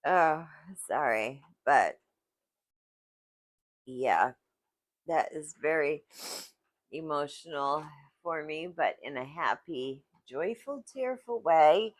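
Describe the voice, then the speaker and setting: Woman vlogging on her phone, low voice, slow and halting, kinda searching for words, dry sound. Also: no echo. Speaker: vlogger sharing personal story. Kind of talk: casual reflective monologue.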